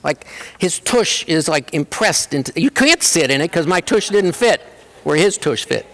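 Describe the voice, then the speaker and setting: A man's voice: a little high, moderate pace. A man giving a humorous keynote talk, telling family stories and acting out relatives in quoted voices. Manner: animated, acts out family members in quoted voices. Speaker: keynote speaker. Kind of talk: humorous personal storytelling. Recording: reverberant hall.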